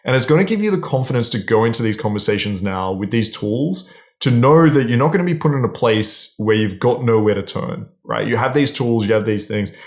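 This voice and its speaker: A man's voice: mid-range voice, lively intonation, fairly quick. A man giving casual, blunt dating advice straight to camera, swearing freely and often checking in with "right?". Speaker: dating coach.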